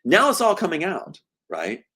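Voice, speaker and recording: A man talking as a guest in an interview. His pitch swings widely as he tells stories with animated emphasis. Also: normal speed, husky. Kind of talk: conversational interview.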